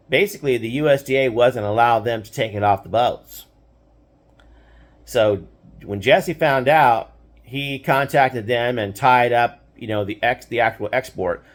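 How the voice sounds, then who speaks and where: Older man rambling through a story. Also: medium pitch. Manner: rambling, indignant, full of fillers and restarts. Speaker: storyteller recounting his past. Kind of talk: casual spoken storytelling.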